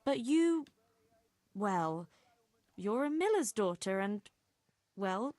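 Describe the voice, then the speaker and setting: An actress voicing a lovesick young village girl in a video game, talking slowly and wistfully. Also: mid-range voice, big pitch swings, darkish tone, no room sound, studio quality. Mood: dreamy. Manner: slow, wistful storytelling.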